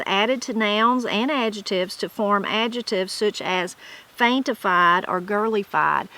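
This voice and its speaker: A woman with a Southern Appalachian accent hosts a channel, reading dictionary entries aloud and then chatting about the regional words. Her medium-pitched voice is pushed and bright, and the audio is poor.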